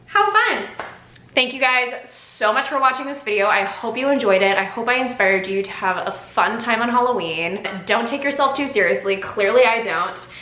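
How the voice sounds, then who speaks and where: A woman's voice: a little high, expressive, moderate pace, bright, forceful tone. A woman beauty vlogger talking through a makeup tutorial in a chatty, exclamatory way. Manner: chatty and exclamatory, many fillers. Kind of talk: casual makeup tutorial chat. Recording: roomy echo.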